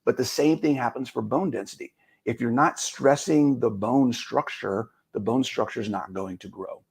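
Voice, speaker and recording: Gravelly-voiced man explaining fitness. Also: mid-range voice, moderate pace, a little mellow. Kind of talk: casual panel chat.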